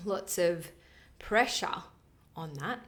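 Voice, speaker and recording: A woman's voice: fairly low pitch, animated, takes it slowly, a bit bright. A woman co-hosting a podcast, chatting casually in an earnest, rambling way with plenty of fillers. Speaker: podcast co-host. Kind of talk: casual chat.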